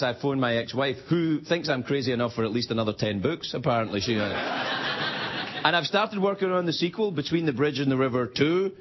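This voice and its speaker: A male late-night host jokes his way through a monologue, his voice swooping widely and sitting a little high. Laughter from a live studio audience rolls underneath, and the broadcast audio sounds slightly dull. A steady hum of noise runs through the room. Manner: animated, jokey, acts out voices in quotes. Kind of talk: stand-up monologue.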